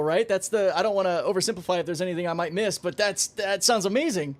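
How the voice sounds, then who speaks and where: A young man streaming a space game, chatting casually with his viewers, excitable and swearing freely. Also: high voice, fast talker. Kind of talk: casual livestream commentary.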